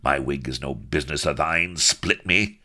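A man's voice: very deep voice, expressive, measured pace, creaky, a bit bright, full character voice. A man voicing a hot-tempered male pirate captain in disguise who sounds flustered and archly formal. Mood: explosive.

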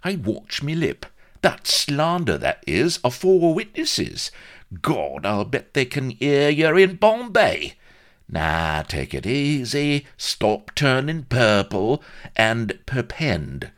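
A man voicing a calm, sly shopkeeper who talks in cheeky, slangy, dropped-letter speech, higher than his own voice. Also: slow. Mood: frosty. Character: calm, sly, common-spoken male shopkeeper.

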